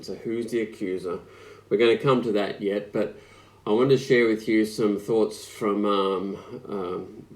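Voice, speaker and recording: A man preaching an online sermon, speaking slowly and reflectively with frequent pauses and fillers. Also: lowish voice. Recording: echoey room.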